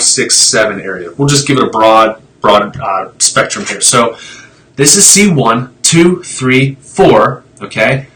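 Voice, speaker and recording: A man's voice: medium pitch, bright, forceful tone, low-quality recording. A man talking casually on a live stream, explaining x-rays in a blunt, fired-up way, with tangents and mild swearing. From Italian heritage.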